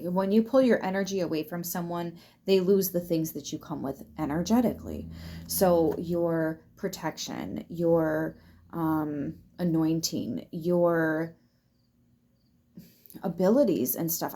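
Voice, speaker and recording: Woman, tarot reader, casual chat, lowish voice, frequent laughs, swears. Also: mellow. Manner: chatty, laughs often, swears freely. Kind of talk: casual tarot reading to viewers.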